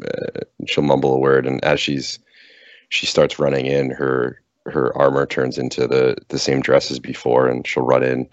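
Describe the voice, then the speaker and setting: A man playing a tabletop game over voice chat, narrating his character's actions haltingly with fillers. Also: a bass voice, monotone, dry recording. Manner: hesitant, many fillers and restarts. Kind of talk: casual role-play narration. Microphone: computer mic on voice chat. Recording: dull lo-fi voice chat.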